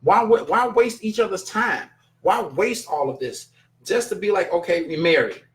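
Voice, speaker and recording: A man with a high-pitched voice hosts his own casual stream and chats straight to his viewers. He rants bluntly and profanely, sounding thoroughly exasperated. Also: expressive, moderate pace, a bit bright. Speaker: show host reading chat. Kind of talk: casual live-stream commentary.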